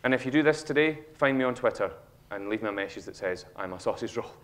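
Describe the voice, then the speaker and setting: Scottish guy doing a funny motivational talk on stage, mid-pitched voice, acts out his kid's lines. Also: fast talker. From Scotland. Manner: animated storytelling, acts out a child's lines. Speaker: speaker. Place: auditorium stage.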